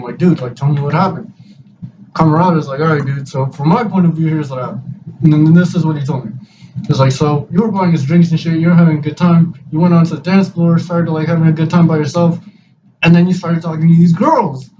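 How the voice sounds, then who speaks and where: A young man on a podcast, his voice on the high side, tells a rambling, profane story, animatedly retelling events with quoted dialogue in a casual chat. It's recorded on a distant mic with dull, lo-fi sound and clear background hiss.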